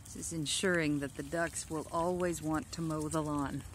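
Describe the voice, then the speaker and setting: In a deep, steady voice at an ordinary pace, a woman coos to her ducks in the backyard. She holds her phone to film them for a casual pet vlog, and some slight background noise comes through.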